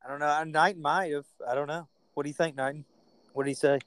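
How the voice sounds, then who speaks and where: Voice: medium pitch, steady tone, brisk, dry recording. A laid-back podcast host asking questions in casual chat.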